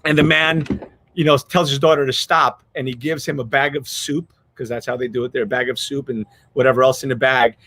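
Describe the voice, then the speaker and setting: An earnest male podcast host tells a story in a loose, rambling way, restarting his sentences often. He sounds choked up. His voice sits at an ordinary middle pitch. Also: steady tone, brisk, sharp tone, a little hiss or hum. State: choked up with emotion. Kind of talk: casual storytelling chat.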